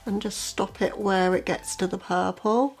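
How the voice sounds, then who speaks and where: A woman's voice: medium pitch, fairly even intonation, measured pace, soft background music. A woman vlogger chatting casually through a makeup tutorial, often saying "as I say". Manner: chatty and conversational, repeats "as I say"; quiet, half-murmured commentary while applying makeup.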